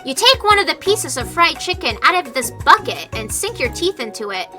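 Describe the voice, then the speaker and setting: A woman's voice: high-pitched, big pitch swings, normal speed, bright, forceful tone, faint music behind. A young woman streaming a dating game, reading its text aloud and joking about it in a playful way.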